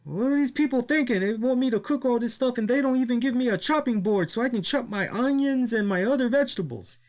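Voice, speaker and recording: A man putting on a loud, high-pitched voice for an excitable male wrestler who keeps repeating himself while cooking. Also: quick pace. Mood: indignant. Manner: high, loud, repetitive shouting.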